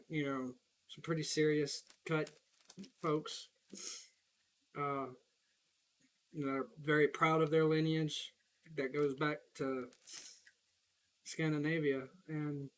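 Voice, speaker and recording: A man's voice: a little high, flat delivery, takes it slowly, pauses often, a bit bright. A young man with a Southern US accent, rambling in casual, profane chat while he plays a game, laughing often. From Southern United States. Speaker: gaming streamer.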